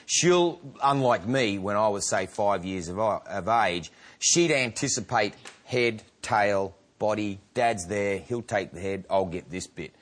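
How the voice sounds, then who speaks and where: A man in his thirties with an Australian accent, a guest telling stories in an animated, laughing, slang-filled way. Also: fairly low pitch, slow. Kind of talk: casual interview chat.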